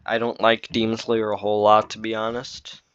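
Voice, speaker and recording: A man's voice: on the low side, completely flat delivery, brisk, fairly bright tone, clean tone, no room sound. Guy doing loose commentary on his vid, rambly, filler everywhere, dull lo-fi dry audio. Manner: rambling, filler-heavy explaining. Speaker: commentator on his own video. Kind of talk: casual commentary.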